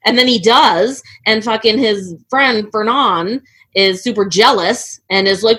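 A woman's voice: mid-range voice, moderate pace, a bit bright, slightly rough. A woman on a podcast panel, chatting casually, swearing and laughing a lot as she recounts a story. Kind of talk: casual group chat.

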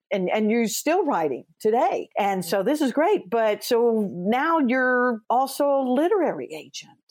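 A woman hosting an interview, an author who tells lively stories, acts out quoted dialogue and speaks earnestly from her faith. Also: medium pitch. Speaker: podcast host and author. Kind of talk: conversational interview.

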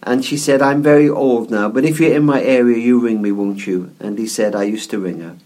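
A man of middle pitch tells a story in an interview with a soft, reflective manner. He often repeats a word before moving on, in the easy rhythm of a practised speaker. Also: steady tone, brisk. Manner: gentle, reflective storyteller who repeats words as he goes. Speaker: guest author and speaker.

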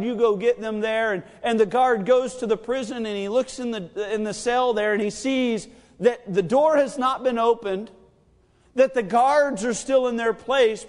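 A man preaching a sermon, telling the story with animated energy and acting out the lines of the characters. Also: high-pitched. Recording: long reverb of a large hall.

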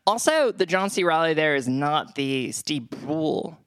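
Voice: mid-range voice, lively intonation, unhurried, a bit bright, dry recording, studio quality. A podcast co-host in casual chat, eagerly retelling comedy scenes in a rambling way full of "like" and frequent laughter. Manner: laughs often while talking.

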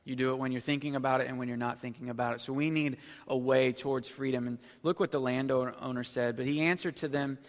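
A middle-aged man preaching a sermon as pastor, swinging between loud emphatic stretches and low, quiet asides. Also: fairly even intonation, fast, few pauses, big-room sound.

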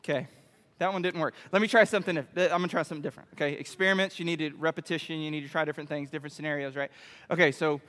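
A man preaching a playful sermon to a youth group, animated and constantly checking in with the room. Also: fairly high pitch, very fast. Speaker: youth pastor. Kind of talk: playful sermon with audience demo. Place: church hall. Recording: echoey hall reverb.

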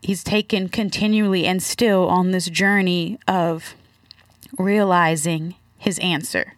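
A woman giving a reflective faith testimony, searching for words with many halting restarts. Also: fairly low pitch, fairly even intonation, no room sound, clean studio sound. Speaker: guest.

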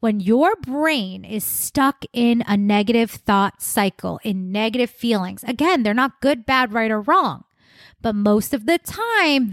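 A woman's voice: medium pitch, no echo, clean studio sound. A young adult woman hosting a solo wellness podcast, talking in an upbeat, conversational way and repeating words for emphasis. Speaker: podcast host, wellness coach.

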